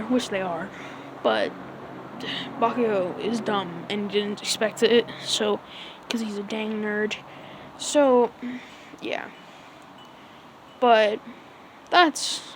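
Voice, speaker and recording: A woman's voice: fairly high pitch, background noise. Rambling woman casually recapping a story. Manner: rambling, full of "like" and "so yeah". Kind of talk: casual retelling.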